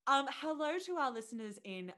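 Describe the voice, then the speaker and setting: A woman, co-hosting a podcast in casual chat, expressive and quick to giggle. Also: high voice. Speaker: podcast co-host.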